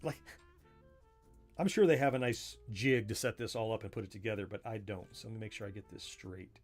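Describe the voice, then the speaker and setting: A man's voice: fairly low pitch, fairly quick, soft background music. A man with a Southern US accent, hosting a livestream and chatting casually as he takes apart a joystick, folksy and self-mocking, chuckling and thinking aloud as he works. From born in southern Florida, family from Missouri. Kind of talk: casual livestream commentary while working.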